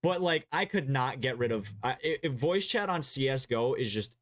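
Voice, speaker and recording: A man's voice: mid-range voice, animated, moderate pace, fairly bright tone. A young man streaming and co-hosting a casual gaming chat, rambling with many fillers and swear words. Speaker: streamer and co-host.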